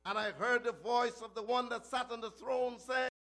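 A male preacher recounting a vision in an archaic biblical cadence, breaking into shouted refrains. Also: extremely high pitch, fairly even intonation, moderate pace, gravelly.

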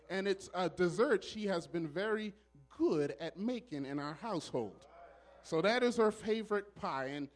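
A man who is a pastor, speaking in church in a preacherly style with loud exclamations and call and response. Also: high voice. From Southern California. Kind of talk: church welcome speech. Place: church sanctuary.

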